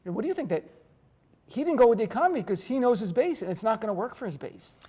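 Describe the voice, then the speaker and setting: A middle-aged man from North Jersey, co-hosting a political discussion, talking fast and animated with jokes. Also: sits high, breathy edge. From North Jersey, USA. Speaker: co-host.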